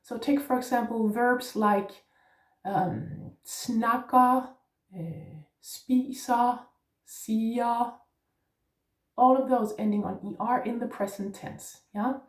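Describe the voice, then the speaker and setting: A woman teaches Danish pronunciation, patiently spelling out letters and checking in with "yeah?" Her voice is fairly high and measured, recorded from a distance in a roomy space.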